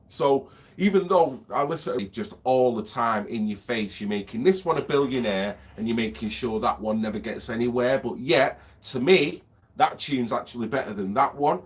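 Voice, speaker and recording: A man, a vlogger with a lingering cough, rambling and ranting, swearing freely and asking if you know what he means. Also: medium pitch. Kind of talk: rambling monologue.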